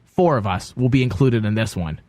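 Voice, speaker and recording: A man's voice: medium pitch, lively intonation, brisk, darkish tone, no room sound. A man hosting a comedy podcast, joking crudely and laughing often while sick. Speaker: podcast host. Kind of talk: casual comedy banter.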